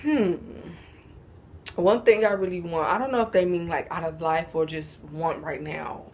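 Young woman vlogger, sleepy and laid-back, lowish voice, slangy casual Q&A with a faint hiss behind. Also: fairly even intonation, normal speed, darkish tone. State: sleepy, yawning. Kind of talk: casual Q&A chat to camera.

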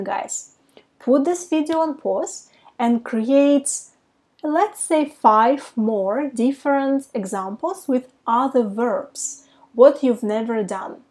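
A woman teaching a language lesson who says her example phrases slowly and carefully, with a Russian mother tongue. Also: fairly high pitch, darkish tone. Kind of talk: casual online language lesson.

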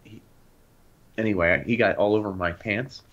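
A young man co-hosting a podcast, telling animated stories in casual chat and acting out the voices of people in them. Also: fairly low pitch, normal speed. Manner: animated, acts out voices in anecdotes. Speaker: podcast co-host. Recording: dull lo-fi sound.

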